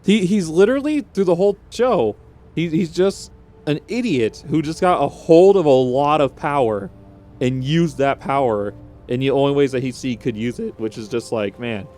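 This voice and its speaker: Young man, slightly high voice, rambling emotional vlog talk, restarts, faint music behind. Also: moderate pace, darkish tone. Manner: rambling, emotional, with frequent restarts and rising exclamations. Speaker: vlogger. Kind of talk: unscripted emotional reaction vlog.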